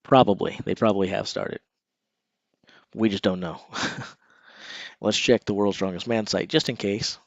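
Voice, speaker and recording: A man's voice: fairly low pitch, fairly even intonation, a little slow, creaky, pauses often, no echo, dull audio. A man hosting a casual live stream, chatting straight to his viewers. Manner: conversational, talks straight to viewers.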